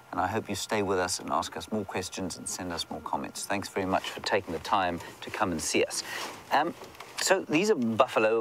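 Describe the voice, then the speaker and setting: Male safari guide hosting a live drive, chatty and playful with viewers, outdoor vehicle noise behind him. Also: on the low side. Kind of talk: live commentary to online viewers. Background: vehicle and outdoor ambience.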